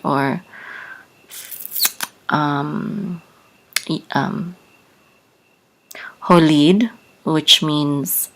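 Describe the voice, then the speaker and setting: A woman giving a patient language lesson, soft-spoken and careful, stopping often with fillers as she spells out sounds. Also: low voice, poor audio. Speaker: Hebrew teacher.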